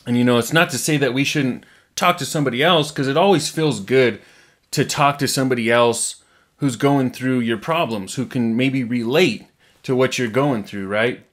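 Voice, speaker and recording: A man preaching a casual, conversational sermon, plainspoken, often repeating words and checking in with a quick "right?". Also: medium pitch.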